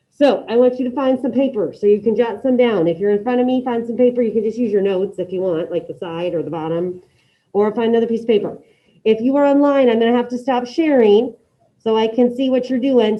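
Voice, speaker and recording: A woman teaches a Spanish lesson to a mixed room and online class, her voice sitting a little high. She gives brisk, directive instructions and repeats them. The audio is dull and lo-fi, like a classroom capture.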